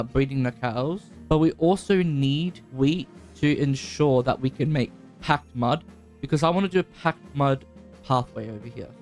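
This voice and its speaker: A young man giving casual, chatty commentary over his gameplay, his voice jumping high when excited. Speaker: gaming YouTuber. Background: faint background music.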